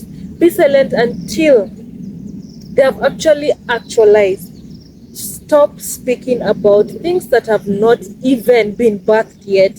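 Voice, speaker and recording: A woman's voice: a little high, sing-song, takes it slowly, noisy background. A Kenyan woman in her twenties giving emphatic, casual life advice in a vlog, repeating her points for stress. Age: 20s. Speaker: vlogger.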